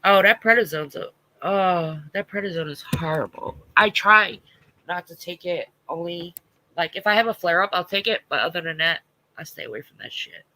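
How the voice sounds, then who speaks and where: A man's voice: high-pitched, normal speed, sharp tone, poor audio. A man hosting a casual livestream, talking bluntly and with plenty of swearing as he responds to viewer comments, sounding congested with a stuffy nose. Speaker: livestream host.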